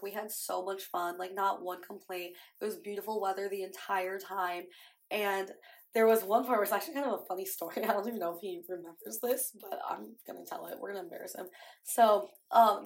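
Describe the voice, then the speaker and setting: Fast-talking young woman, chatty. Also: medium pitch, gravelly. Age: young adult. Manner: chatty storytelling, heavy use of "like". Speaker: podcast host. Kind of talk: casual chat.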